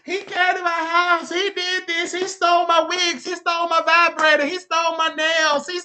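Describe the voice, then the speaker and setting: A commentary host putting on a shrill, whiny falsetto to mock an accuser reciting a list of complaints. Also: level tone, normal speed, pushed and bright, exaggerated voice. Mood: mocking whine. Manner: high mocking falsetto, complaining. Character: shrill whiny accuser listing stolen items.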